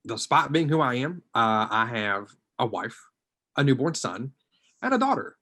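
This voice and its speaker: A social work student on an online group panel, this man shares his own story in a medium-pitched voice at normal speed. Though very animated, he is also hesitant and reflective, and he frequently trails off into quiet.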